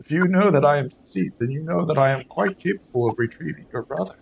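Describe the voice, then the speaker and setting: A man voicing a calm, smiling female pony spirit of deceit in a tabletop game, soft and knowing. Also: fairly high pitch, quick pace, vocal fry, dull audio, slight background noise.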